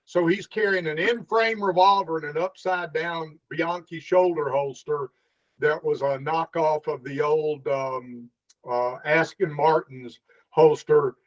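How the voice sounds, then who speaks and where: A middle-aged former police officer with a slightly high voice tells stories at an unhurried pace in a relaxed interview. He's an animated storyteller who acts out the dialogue, and the recording sounds dull and lo-fi.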